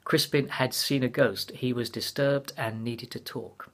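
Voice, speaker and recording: A man reading aloud, voicing a dry, quietly angry abbot in a measured tone. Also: medium pitch, fairly even intonation, close to an everyday voice.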